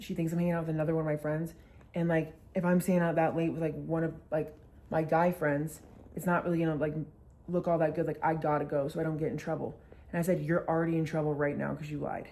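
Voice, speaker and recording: A woman's voice: on the low side, warm tone. A young woman vlogger telling a story casually, swearing a lot and acting out the quotes.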